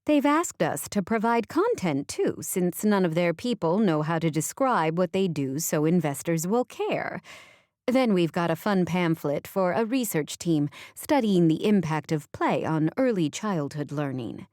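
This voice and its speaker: A woman voicing an older mother and boss who talks in a formal, commanding way and gushes when excited, in a dry recording. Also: lowish voice, measured pace, no echo. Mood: chatty.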